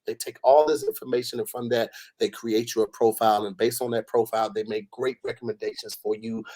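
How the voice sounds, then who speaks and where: A man co-hosting a casual podcast, reading a sponsor ad and chatting, hyping with slang and rising shouts. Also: medium pitch, flat delivery, brisk. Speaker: podcast co-host. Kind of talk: casual podcast ad read and chat.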